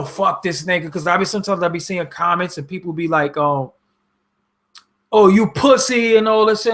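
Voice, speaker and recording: A New man talks straight to camera in a blunt, cursing, casual way. His voice sits a little high for a man, and it climbs sharply whenever he gets exasperated. He comes across as a host answering his viewers. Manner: blunt and profane, rising to loud exasperation. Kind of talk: casual direct-to-camera talk.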